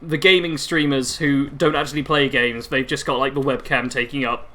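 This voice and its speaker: With a medium-pitched, steady voice that's bright and forceful, this man in his twenties talks at normal speed to his stream audience. He rambles casually as he games, breaking off mid-sentence to react to what's happening.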